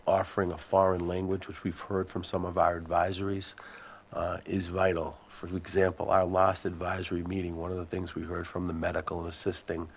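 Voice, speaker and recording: A school superintendent with a deep voice and vocal fry answers committee questions in a measured, explanatory way, thinking aloud as he goes. The recording has a slight hiss or hum.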